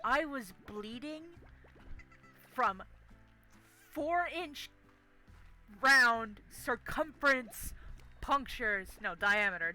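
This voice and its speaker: A woman streamer tells a story in a bright, forceful voice that sits a little high. She swears freely and hammers each point home, checking in with "okay?" over and over. Faint game music plays behind her. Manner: profane, emphatic, keeps asking "okay?". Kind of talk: casual solo storytelling during a game stream.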